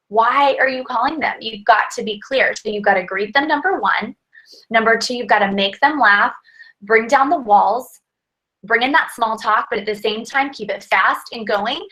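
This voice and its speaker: A woman with a bright, forceful voice coaching her sales team in a pep-talk style. She sits a little high in pitch and keeps things chatty, upbeat and peppered with fillers. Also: poor audio.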